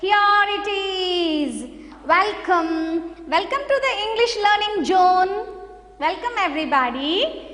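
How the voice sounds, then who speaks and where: A woman's voice: very high voice, fairly bright tone. A woman teaching an online English lesson to young children, coaxing and sing-song, sometimes breaking into song. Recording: echoey room with long reverb.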